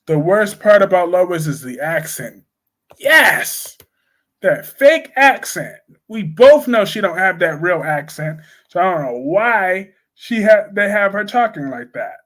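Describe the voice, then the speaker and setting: A man's voice: high-pitched, animated, moderate pace, hardly any pauses. A man giving blunt, opinionated soap opera commentary in a casual live-stream chat, reading and answering viewers' comments. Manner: blunt, opinionated, repetitive emphasis.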